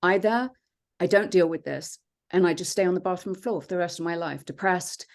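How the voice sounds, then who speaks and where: Low-voiced woman telling her story. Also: brisk. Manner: earnest, reflective, with many fillers. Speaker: podcast guest, transformation coach. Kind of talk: personal storytelling in conversation.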